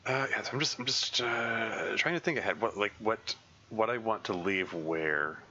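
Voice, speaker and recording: Low-voiced man thinking aloud while streaming. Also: pushed and bright, muffled recording, slight background noise. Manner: halting, thinking aloud with many fillers and restarts. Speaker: game streamer. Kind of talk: casual live gameplay commentary.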